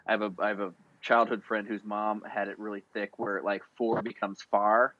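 A man's voice: lowish voice, flat delivery, a little fast, a bit bright, slight background noise. Rambling, playful man on a dull recording. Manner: rambling storyteller with many restarts, playful. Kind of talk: casual chat.

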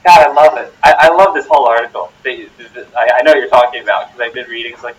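A man chatting casually, rambling with halting restarts and eager enthusiasm. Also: a little high. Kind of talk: casual chat. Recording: distant mic with faint noise.

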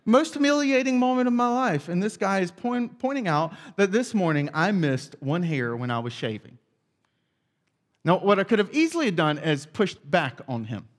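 High-voiced man preaching in an echoing hall. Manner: animated, self-deprecating humor. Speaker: pastor. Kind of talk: sermon with personal storytelling. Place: church auditorium.

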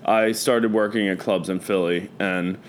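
A man's voice: sits low, steady tone, a little slow, a little hiss or hum. A man telling stories as a guest in a casual chat, rambling and profane, full of fillers. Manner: rambling storyteller, loose and profane, many fillers.

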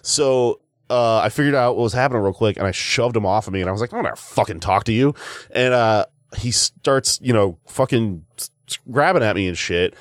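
A man with a lowish voice spins a long, rambling podcast story, cursing freely. His delivery is casual and quick to restart. The sound is dry and close, with no room around it. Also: no echo. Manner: rambling, profane, rapid anecdote-telling. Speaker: comedian and podcast host.

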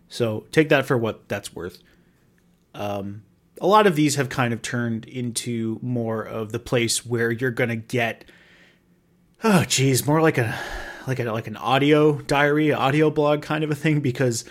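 A man talks alone into the mic for his podcast in a loose, rambling monologue. He is wry and self-mocking and swears casually as he talks. His voice sits at an ordinary middle pitch. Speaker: podcast host.

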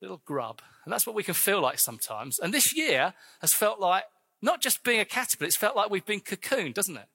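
A man's voice: high-pitched, sing-song, brisk, creaky, bright, forceful tone, slightly rough, big-room sound. A man preaching a sermon as a visiting preacher, urging the congregation on with chatty, joking asides. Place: church.

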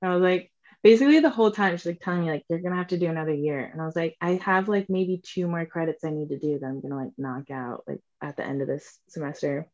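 A woman's voice: deep voice, quick pace, dull audio. A woman in her twenties telling a story in casual chat, acting out what people said, swearing and saying "like" a lot. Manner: animated, acts out quotes, swears, says "like" often.

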